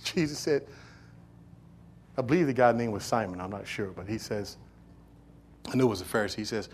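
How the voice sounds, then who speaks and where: A man's voice: on the low side, lively intonation, fairly quick, pauses often, slight background noise. A man preaching a sermon, retelling a story with passion and acting out the characters' words. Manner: impassioned, acts out the characters' words.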